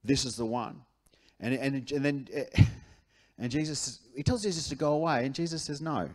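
At a moderate pace, an Australian pastor with a higher-than-average male voice preaches in church, lively and conversational, often repeating key phrases.

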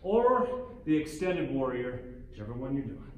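A man leading a guided yoga class as instructor, giving calm cues with playful, joking asides. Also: medium pitch, normal speed, highs cut off, a little hiss or hum. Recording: echoey room with faint ambience.

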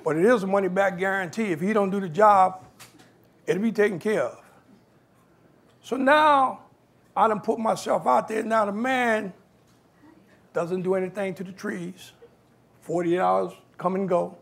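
A high, gravelly-voiced man from New York speaks unhurriedly, leaving long pauses. As a guest speaker, he shares animated stories from his life and acts out the voices of the people in them.

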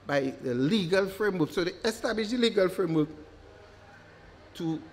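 A man's voice: high voice, expressive, moderate pace, slight background noise. A man giving a public lecture, emphatic, often repeating words for stress. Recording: long hall reverb.

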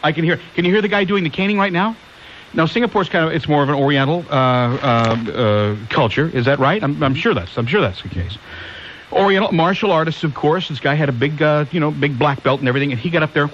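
Male talk radio host, fairly high voice, lively swings, rambling with rhetorical questions. Muffled, hissy broadcast sound. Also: fast. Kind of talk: conservative call-in talk radio.

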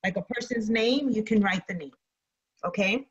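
A woman teacher giving an online English lesson, slowly repeating instructions and then reading a story aloud. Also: mid-range voice, slightly rough, lo-fi sound. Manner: slow, deliberate, repeats instructions.

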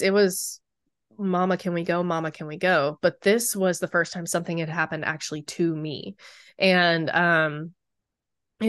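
A woman with a slightly low voice tells a spooky encounter in an interview. She talks casually, full of likes and ums, as she relives a frightening night. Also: no echo, studio quality. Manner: animated storytelling with many likes and ums. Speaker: Bigfoot researcher. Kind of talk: interview storytelling.

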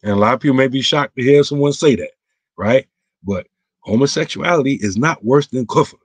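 A man's voice: medium pitch, a little fast, husky, no echo. Man, imam, emphatic, casual clipped speech, dry close sound. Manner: emphatic, voice climbs when stressing a point; casual, clipped everyday grammar. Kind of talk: online roundtable talk answering viewer questions.

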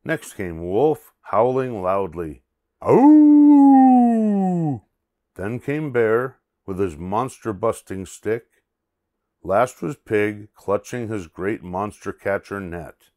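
Grandpa reading a kids' story, low slow voice, lots of ups and downs. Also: male voice. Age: older. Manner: expressive, playful storytelling. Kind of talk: reading a children's storybook aloud.

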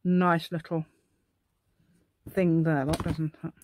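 A woman's voice: low-pitched, flat delivery, takes it slowly, darkish tone, slight background noise. A middle-aged woman demonstrating a craft project, rambling and chatting to herself in a playful put-on posh telephone voice. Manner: rambling, chatty, talks to herself while working. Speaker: crafting channel host.

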